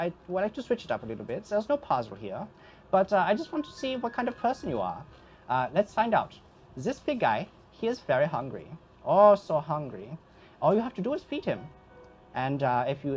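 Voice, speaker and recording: A man's voice: fairly high pitch, very animated, fairly quick, darkish tone, slight background noise, voice pushed up. A man voicing a sly, playful male ghost who hosts twisted games, speaking in a teasing sing-song.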